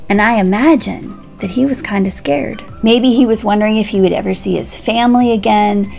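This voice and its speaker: A woman pastor telling a Bible story to children with animated, expressive delivery, speaking directly to the kids. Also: mid-range voice, moderate pace, creaky, hardly any pauses, over music.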